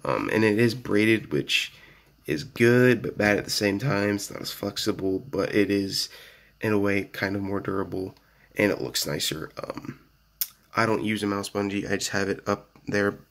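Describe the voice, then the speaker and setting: A man with a lowish voice and a gravelly, creaky edge talks through a casual product review at his home desk. He rambles with plenty of fillers and keeps saying "so yeah." It sounds like it was picked up by a phone camera. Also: moderate pace, fairly bright tone. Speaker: gaming gear reviewer.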